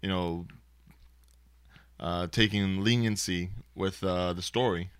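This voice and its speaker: A man's voice: low voice, takes it slowly, clean tone, no echo, studio quality. An American man co-hosting a podcast, chatting casually about movies with lots of fillers. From United States. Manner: relaxed, rambling with many fillers. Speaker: podcast co-host.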